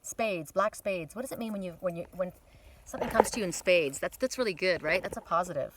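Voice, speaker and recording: A woman's voice: fairly low pitch, a little fast, a bit bright. A woman in her fifties doing a casual oracle card reading outdoors in a windy mountain forest, chatty and rambling with frequent repeats. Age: 50s.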